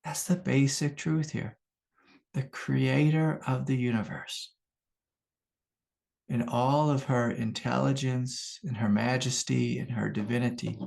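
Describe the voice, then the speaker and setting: A middle-aged man giving a calm, unhurried spiritual teaching talk as a meditation teacher, repeating his key phrases. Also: mid-range voice, gravelly.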